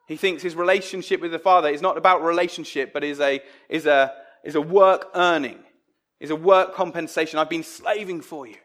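A man delivers a sermon with a fairly high-pitched voice. He preaches conversationally but with emphasis, and now and then he acts out the voices he quotes. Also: steady tone, a little fast, fairly bright tone.

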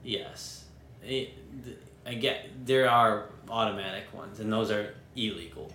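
A man's voice: lowish voice, steady tone, measured pace, pushed and bright, reverberant, a little hiss or hum. A man co-hosting a casual podcast, laid-back and matter-of-fact when he explains things. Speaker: podcast co-host.

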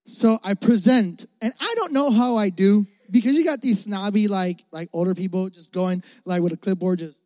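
A young male pastor tells a comic story from the pulpit, animated and jokey, acting out the voices of his younger self. His voice sits high for a man, and the recording is dry and close with little room sound. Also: moderate pace, hardly any pauses, dry recording. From Florida.

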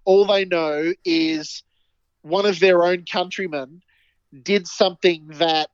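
An Australian man with a high voice chats and cracks jokes as a podcast co-host. The recording is dry and close, with a dull, lo-fi tone. He rambles casually from one thought to the next. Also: steady tone, takes it slowly, clean tone, no room sound. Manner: jokey, rambling banter. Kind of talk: casual chat.

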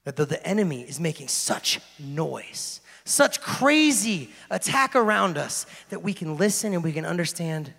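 A man preaches in a loose, joking style, shifting between animated storytelling and a hushed, intense delivery. His voice sits a bit high for a man and has a gravelly edge. The sound carries a long hall reverb. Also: normal speed, few pauses. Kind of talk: casual sermon. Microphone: handheld microphone.

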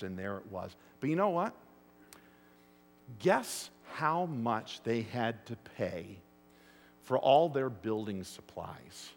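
A man preaching a sermon to his congregation. He tells stories and keeps asking the room rhetorical questions. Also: medium pitch. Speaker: pastor. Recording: long hall reverb.

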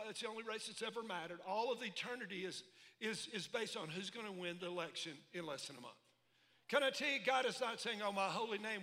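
A pastor preaches in a big hall, his voice high and bright as it rings back off the walls. He talks in a folksy, animated way, with call-and-response asides to the crowd. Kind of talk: sermon. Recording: echoey hall reverb.

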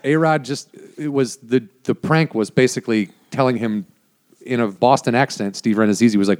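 A man's voice: mid-range voice, normal speed, darkish tone. A man, a former producer, telling rambling behind-the-scenes stories in a casual chat, full of "like" and swearing. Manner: rambling, many "like" fillers, frequent swearing. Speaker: guest, former prank show producer.

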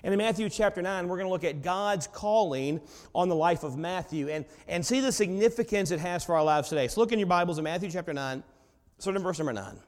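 Casting: male pastor with a high voice, dramatic storyteller, heard in a big echoing sanctuary. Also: fast talker. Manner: dramatic storytelling, swinging between soft and loud. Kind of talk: sermon. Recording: long reverb of a large hall.

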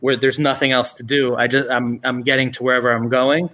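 A man co-hosting a podcast, chatting casually in a halting way, with many fillers. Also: mid-range voice, little pitch movement, bright, forceful tone. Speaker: podcast co-host. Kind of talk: casual chat.

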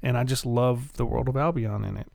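A man's voice: mid-range voice, brisk, vocal fry, a little mellow, dry recording, studio quality. A man co-hosting a gaming podcast in casual chat, cracking wry jokes and gushing about games he loves. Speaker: podcast co-host.

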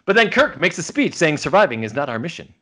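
A man's voice: fairly high pitch, fast. A man co-hosting a casual podcast, recapping a TV episode and acting out bits of the dialogue as he goes. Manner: animated storytelling, acts out quoted lines.

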